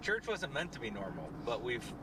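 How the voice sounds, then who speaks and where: A man chatting casually in a relaxed, musing way, often tagging his points with "right?". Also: mid-range voice, normal speed, recorded from a distance, very noisy. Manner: relaxed, musing, with tag questions. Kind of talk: casual chat.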